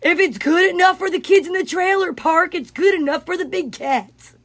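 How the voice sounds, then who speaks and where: A woman's voice: very high-pitched, normal speed. A woman doing a comedy impression of a cocky, crude male big-cat zoo owner, talking back defiantly.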